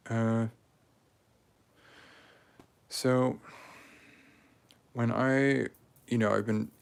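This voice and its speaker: A man in his forties talking casually and rambling while he strings beads, with many pauses and fillers. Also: lowish voice, creaky. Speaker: craft video maker. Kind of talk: casual talk while crafting.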